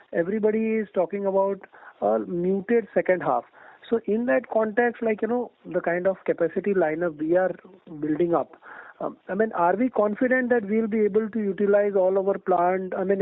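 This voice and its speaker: A high, gravelly-voiced man rushes through his questions as an analyst on an earnings call, switching between Hindi and English and addressing the executive as "sir". His voice comes through dry and tinny, like a phone line. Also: no echo. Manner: rapid, mixes Hindi and English, deferential "sir".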